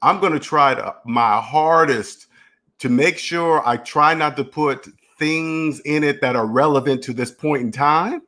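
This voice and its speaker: A man's voice: a little high, moderate pace, hardly any pauses, sharp tone. Rambling man in a solo monologue. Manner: repetitive, restarts phrases, emphatic; acts out imagined dialogues. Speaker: finance channel host.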